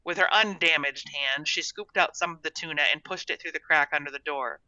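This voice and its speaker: A storybook narrator reading in a measured, expressive way, with a strikingly bright tone. The recording is dry and close, a bit dull at the top. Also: mid-range voice, dry recording. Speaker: audiobook narrator.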